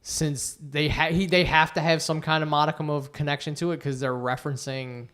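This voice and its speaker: Chatty, opinionated man with a smooth voice. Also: on the high side, fairly even intonation, a little fast, fairly bright tone. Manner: chatty, filler-heavy, opinionated. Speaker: podcast co-host. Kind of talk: casual chat.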